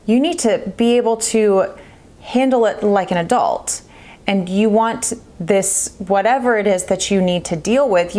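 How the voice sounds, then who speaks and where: A woman's voice: medium pitch, a little mellow. A woman in her thirties giving earnest parenting advice straight to camera, stressing her points by repeating them. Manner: earnest, emphatic, repeats key phrases. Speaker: parenting vlogger. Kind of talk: direct-to-camera advice talk.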